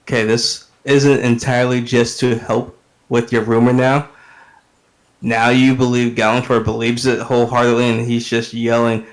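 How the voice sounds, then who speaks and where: A man playing a tabletop game, tossing in wry, joking remarks. His voice sits at an ordinary pitch for a man. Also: flat delivery, normal speed. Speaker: player. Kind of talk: casual tabletop game play.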